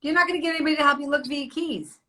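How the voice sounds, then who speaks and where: Fast-talking, high-voiced woman host. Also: bright, forceful tone. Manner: emphatic, encouraging. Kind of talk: casual chat.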